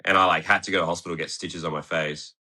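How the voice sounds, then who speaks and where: A man's voice: deep voice, steady tone, quick pace, pushed and bright. A young man, a skateboarder guest telling rambling, sweary stories in a casual podcast interview and acting out what people said. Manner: rambling storyteller who swears freely and acts out quotes. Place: podcast studio.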